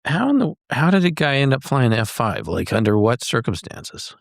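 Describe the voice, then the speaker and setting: Curious, lively male interviewer. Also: mid-range voice, normal speed, vocal fry, no room sound, clean studio sound. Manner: brief interjections and curious follow-up questions. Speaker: podcast host. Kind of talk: casual interview.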